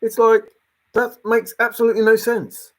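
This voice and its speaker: A man's voice: very high voice, completely flat delivery, moderate pace, rough recording. A man talking casually to viewers in an emphatic, exasperated way, repeating his points as he comments on a treasure hunt.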